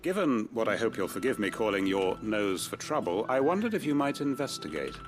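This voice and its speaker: An actor playing a courteous, formal male village leader in a video game, speaking in measured, polished sentences. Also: fairly low pitch, sing-song, over music. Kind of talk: game dialogue.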